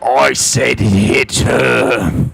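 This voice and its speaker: A man's voice: fairly high pitch, sing-song, slow, vocal fry, sharp tone, slight background noise, heavily acted, poor audio. Man doing a gloating, bloodthirsty orc. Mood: shouting. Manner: gloating, licking blades, barking orders. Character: snarling male orc soldiers, cruel and mocking.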